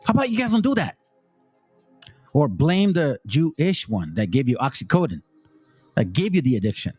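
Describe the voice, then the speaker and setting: A man's voice: on the high side, sing-song, moderate pace, darkish tone, breathy edge, no echo, faint music behind. A man hosting a channel, giving blunt, preachy commentary on video clips, swearing freely and reading scripture aloud in a stately cadence.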